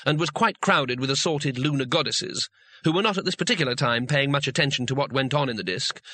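A gravelly, wry male storyteller. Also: medium pitch, bright, forceful tone, dry recording. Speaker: audiobook narrator. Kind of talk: scripted narration.

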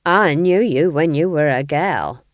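A woman's voice: sits low, unhurried, no echo, clean studio sound. A woman voicing an earthy, bawdy old female witch who talks defensively and sneers, now and then shrieking. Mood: sneering.

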